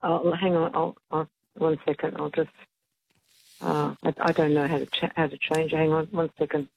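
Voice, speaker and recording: A woman's voice: sits low, flat delivery, normal speed, gravelly, a little mellow, a little hiss or hum, low-quality recording. A woman calling in to a radio show on speakerphone, hesitant and flustered, laughing between her words. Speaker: caller. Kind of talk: phone-in chat. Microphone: speakerphone on a phone line.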